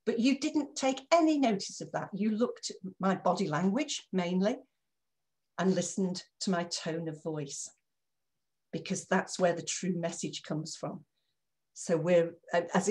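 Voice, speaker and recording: A lively woman trainer teaching over a video call at a medium pitch. She is encouraging and keeps asking her listeners for quick responses. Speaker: corporate trainer. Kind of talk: live online training session.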